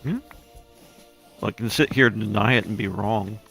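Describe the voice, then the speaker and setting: A man's voice: fairly low pitch, moderate pace, gravelly, fairly bright tone, faint music behind. A man chatting at home during a livestream, making dry, wry remarks. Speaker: stream regular, family member. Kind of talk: casual banter.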